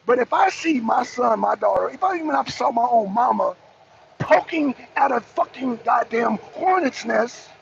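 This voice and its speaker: A man with a strikingly high, gravelly voice rants through casual live commentary, swearing freely and repeating himself. His pitch swings around a lot as he talks from his car. The audio is slightly dull and lo-fi, with faint traffic noise behind him. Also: moderate pace. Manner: profane, animated and repetitive. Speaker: host of a live political talk show.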